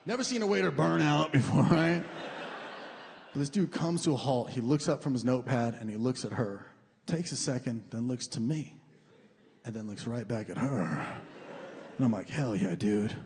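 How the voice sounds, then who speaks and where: A young man doing a stand-up routine on a comedy club stage, animated and crude, shouting out his punchlines. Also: medium pitch, normal speed, vocal fry. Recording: reverberant club room with faint ambience.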